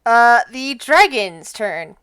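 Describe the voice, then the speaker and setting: A woman narrating as dungeon master of a tabletop game, halting and restarting often as she describes the action. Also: on the high side, big pitch swings, fairly bright tone. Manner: halting, with frequent restarts and laughs.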